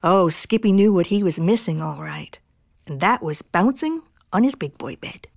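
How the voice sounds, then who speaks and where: Animated woman narrator for a picture book, very lively and expressive, dry booth. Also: lowish voice, normal speed, vocal fry, no room sound. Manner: expressive, bouncy storytelling. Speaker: storybook reader. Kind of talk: children's picture book read-aloud.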